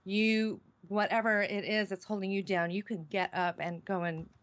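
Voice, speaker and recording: A woman's voice: medium pitch, level tone, moderate pace. A middle-aged woman, a radio show guest, earnestly recounting a personal experience with many restarts. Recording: dull, lo-fi call-in audio.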